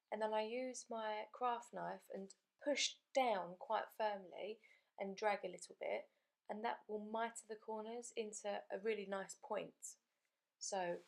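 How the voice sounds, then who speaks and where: A woman's voice: medium pitch, gravelly. A woman hosting a card-making channel, talking through a crafting tutorial voice-over in a chatty way and explaining each step as she goes.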